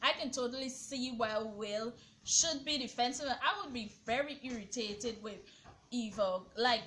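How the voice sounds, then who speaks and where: Woman reviewer, high voice, sassy and dismissive, casual vlog commentary. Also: a little slow, a bit bright, slight background noise. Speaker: reality TV reviewer.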